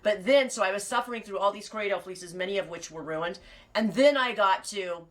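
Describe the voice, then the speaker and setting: A woman's voice: mid-range voice, fairly quick. A middle-aged woman, a sheep farmer, chatting in a rambling, digressive way on a live stream, laughing often and restarting her sentences. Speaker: sheep farmer and knitting vlogger.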